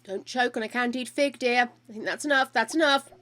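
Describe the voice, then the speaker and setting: A woman's voice: a little high, fairly quick, a bit bright, no room sound. An older woman streaming a life-simulation game, chatting casually to her characters and her viewers, with the odd bit of mild swearing. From United Kingdom.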